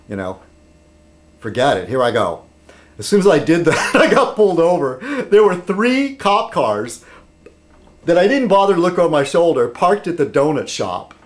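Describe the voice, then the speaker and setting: A man vlogging in a casual, rambling way about local politics, often digressing and checking in with "okay?". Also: a little high.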